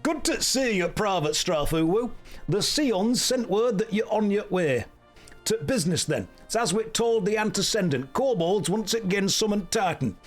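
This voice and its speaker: A man voicing a high-pitched military officer in a game cutscene, squeaky and sing-song. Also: animated, moderate pace, soft background music. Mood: earnest.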